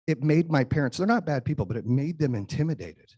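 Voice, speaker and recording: A man's voice: fairly high pitch, expressive, quick pace, warm tone, slightly rough, highs cut off. A man in his forties, a podcast host, talking through a motivational monologue and acting out the people he quotes. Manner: emphatic storytelling, acts out quoted voices.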